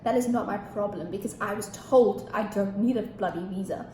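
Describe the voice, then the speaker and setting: A teenage girl telling a storytime vlog, animated and ranting, with heavy swearing. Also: medium pitch, moderate pace, slight background noise. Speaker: vlogger. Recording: echoey room with faint ambience.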